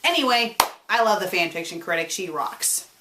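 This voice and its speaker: A woman who hosts a web show responds to viewer questions in a casual vlog, speaking at normal speed in a lowish voice over a noisy background. Animated and changeable, she swings from excited to subdued and repeats words whenever she stumbles.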